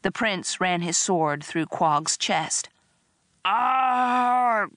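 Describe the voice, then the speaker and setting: A woman reading a first-person story aloud in a wry, expressive narration. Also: on the low side, slow pace, no echo, clean studio sound. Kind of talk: audiobook narration.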